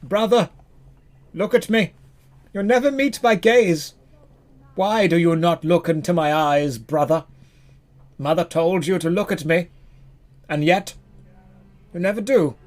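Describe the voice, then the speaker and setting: A man's voice: high-pitched, voice pushed up. A man voicing a faceless younger brother, eerie and pleading, in a strained, plaintive voice.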